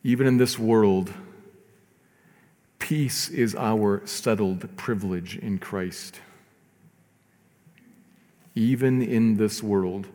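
A man preaching a sermon as pastor, earnest, rising to emphatic lines and dropping to soft, slow ones. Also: lowish voice, long reverb tail.

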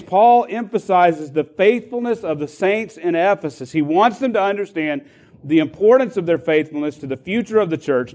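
A man's voice: a little high, darkish tone, muffled recording. A man preaching as a pastor, explaining a passage with frequent restarts and repeated words. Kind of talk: sermon.

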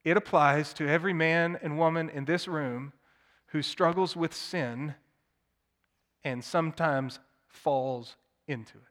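A man preaching a sermon, swinging from hushed tones to loud, emphatic declamation. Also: a little high, measured pace. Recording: long hall reverb.

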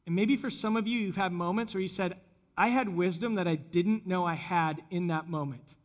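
High-voiced conversational male pastor. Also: moderate pace. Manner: conversational, animated when retelling scenes. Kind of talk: sermon.

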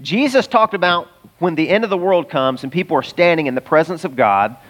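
A man with a fairly high voice preaches a sermon as a pastor. He talks to the congregation in a conversational, emphatic way and often laughs as he goes. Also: animated, a little fast, fairly bright tone.

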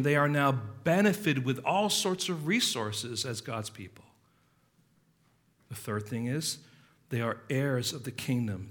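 A pastor preaching a sermon with passion, his delivery swinging from loud emphasis to quiet, earnest asides. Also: medium pitch.

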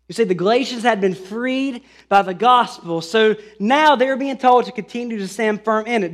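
High-voiced earnest male preacher. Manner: earnest, with fillers and restarts, rising emphasis on scripture. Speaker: pastor. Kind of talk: sermon.

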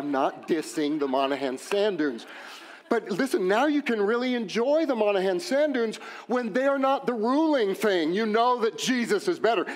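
A man with a West Texas accent preaching a sermon as pastor, animated, with joking asides and rising emphatic questions. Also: high voice.

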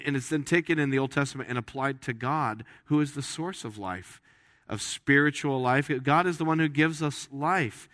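A man's voice: medium pitch, sharp tone, no echo, clean studio sound. A man preaching a sermon in a church, talking in a conversational, joking way and often restarting his phrases. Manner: conversational, with frequent restarts and jokes. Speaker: pastor. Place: church sanctuary.

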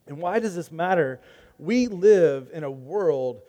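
A man's voice: on the high side, expressive, slow pace, dark tone. A man preaching a sermon as pastor, earnest and emphatic, asking rhetorical questions and reading scripture aloud.

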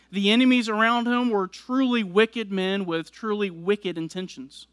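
A man's voice: sits high, fairly bright tone, dry recording, clean studio sound. A man preaching a sermon, explaining scripture verse by verse and building emphasis as he goes. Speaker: pastor.

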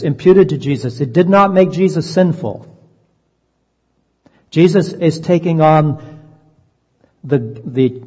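A man preaching a sermon in an earnest voice, slowing down to stress key phrases. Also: a little high, a little mellow, slightly rough. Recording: dull lo-fi sound, long reverb.

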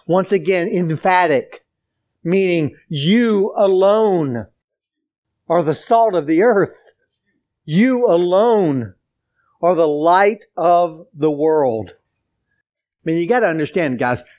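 Male pastor, emphatic sermon delivery, unhurried, slightly high register. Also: animated, darkish tone. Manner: emphatic preaching with repeated phrases, addresses the church directly.

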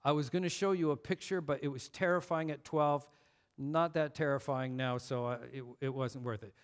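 A man's voice: a little high, fairly even intonation, moderate pace. A man preaching a sermon, telling a personal story and building to emphatic points. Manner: storytelling, rising to emphatic intensity. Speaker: pastor.

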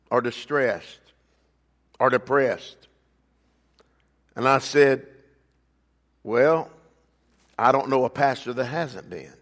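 An older man preaching a sermon as pastor, swinging between loud emphatic bursts and quiet asides, calling on the congregation by name. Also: fairly high pitch. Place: church sanctuary. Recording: long reverb of a church hall.

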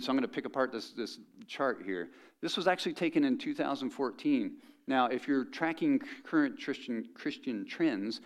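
A middle-aged man preaching a sermon as pastor, conversational and joking with the congregation. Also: medium pitch.

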